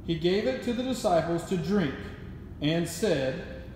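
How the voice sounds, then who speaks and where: A man narrates a school skit with plain, measured storytelling. His voice sits a bit high and rings through a large hall with a long echo. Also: animated, a little mellow, a little hiss or hum. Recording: echoey hall.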